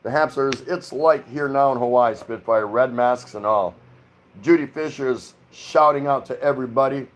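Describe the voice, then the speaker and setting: A middle-aged American man with a mid-range voice hosts a casual livestream at his home in the Philippines. He reads viewer comments aloud and rambles as he chats back.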